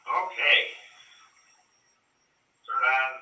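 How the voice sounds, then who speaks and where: A man teaching mindful movement over a video call, speaking slowly and gently with hesitant pauses. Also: mid-range voice, recorded from a distance. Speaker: meditation instructor. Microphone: webcam on a video call. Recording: roomy, off-mic video call audio.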